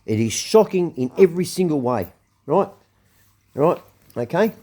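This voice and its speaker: A man's voice: a little high, lively intonation, unhurried, a little mellow. An Australian man hosting his own show, ranting angrily with lots of swearing and repetition. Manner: swearing, blunt, repeats himself. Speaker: show host. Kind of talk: angry ranting commentary.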